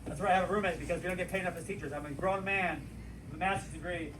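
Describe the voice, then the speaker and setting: Male teacher, late 30s, high voice, animated storyteller; distant mic, faint background noise. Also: racing. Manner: animated, rhythmic storytelling with acted dialogue. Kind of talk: storytelling lesson to students.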